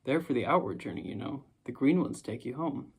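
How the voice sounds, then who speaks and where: A drowsy, curious young boy in a storybook, as a male reader puts him on. He talks in a relaxed, easygoing way over a slightly gravelly texture. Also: mid-range voice, fairly quick, exaggerated voice. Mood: eager. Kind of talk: audiobook character reading.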